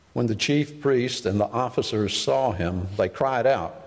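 A man serving as lector reads scripture aloud in a measured, formal way. His voice sits a little low, and a long reverb from a large hall follows each phrase. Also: lively intonation. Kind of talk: scripture reading.

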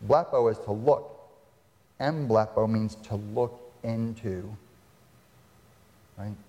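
A man's voice: on the low side, slow, mellow, highs cut off. A man preaching a sermon as pastor, retelling scripture dramatically and asking the congregation rhetorical questions. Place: church sanctuary. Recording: long reverb of a hall.

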